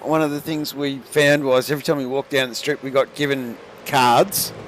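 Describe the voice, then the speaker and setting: A man's voice: mid-range voice, flat delivery, moderate pace, slight background noise. An Australian man co-hosting, telling stories in a chatty way and laughing easily. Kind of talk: casual chat.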